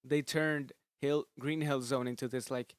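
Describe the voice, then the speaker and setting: A man's voice: mid-range voice, steady tone, unhurried, no room sound, studio quality. A man doing casual video commentary, frustrated and complaining, swearing now and then. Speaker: gaming commentary YouTuber.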